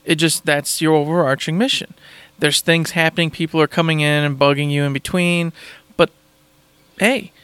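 Enthusiastic man, smooth, higher voice. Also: fairly even intonation, moderate pace, fairly bright tone, dry recording. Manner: enthusiastic, rambling, repeats phrases. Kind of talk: casual chat.

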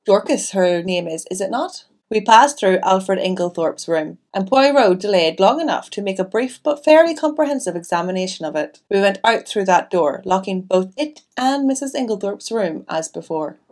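A woman narrates a classic mystery audiobook in a steady, even reading voice. Now and then she drops into relaxed, chatty asides to the listener. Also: medium pitch, moderate pace, few pauses.

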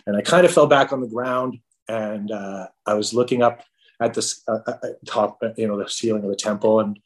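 A middle-aged man, a podcast guest, telling an emotional personal story in a halting way, full of restarts and fillers. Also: on the low side.

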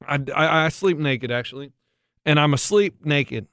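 A man's voice: a little high, moderate pace, fairly bright tone, no room sound, clean studio sound. A man co-hosting a talk podcast, telling a long rambling story in casual chat and acting out other people's lines. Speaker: radio show co-host.

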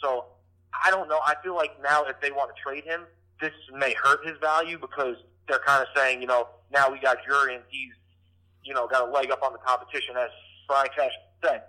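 Podcast guest, male, very bright tone, hesitant casual delivery. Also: medium pitch, fairly even intonation, brisk, low-quality recording. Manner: hesitant, restarts often, stats-heavy.

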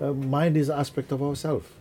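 A middle-aged man giving a spiritual talk to an audience. He speaks in an unhurried, earnest way and acts out quotes and vivid images. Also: a little high, little pitch movement, dark tone, slight background noise. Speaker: spiritual teacher.

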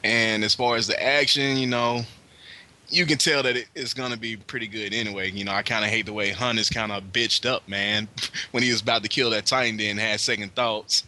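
A man's voice: lowish voice, fairly even intonation, a little fast, sharp tone. A laid-back man co-hosting an anime podcast, talking easily with lots of fillers. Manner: laid-back, many "you know" fillers. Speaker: podcast co-host. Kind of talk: casual anime review chat.

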